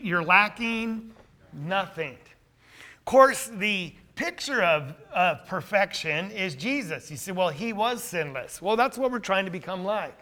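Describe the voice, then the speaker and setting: A man's voice: sits high, pushed and bright. A man preaching a sermon who is losing his voice, talking earnestly and putting questions to his listeners before answering them himself.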